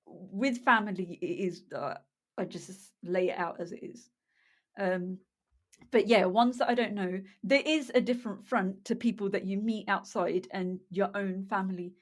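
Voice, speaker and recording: A woman's voice: mid-range voice, normal speed. A woman in her thirties, co-host of a casual podcast, whose first language is Punjabi. She talks in a loose, chatty way, often stopping mid-sentence to look for a word and laughing it off. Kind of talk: casual chat.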